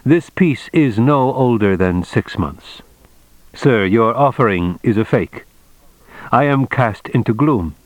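A man reading an audiobook, voicing a courteous, stiffly formal male envoy who talks in slow, measured phrases. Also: medium pitch, animated, no room sound, poor audio. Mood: regretful.

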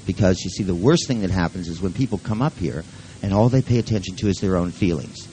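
A man's voice: deep voice, lively intonation, fast talker, mellow, a little hiss or hum, rough recording. A man leading a live workshop who talks in a rambling, joking and profane way. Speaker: seminar leader.

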